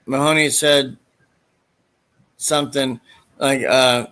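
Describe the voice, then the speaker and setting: A man chats casually, rambling through a retelling of movie scenes and dropping into the quoted lines as he goes. His voice is bright and forward, at an everyday pitch. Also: fairly even intonation, slow pace, long pauses. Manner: rambling storyteller who acts out quoted lines.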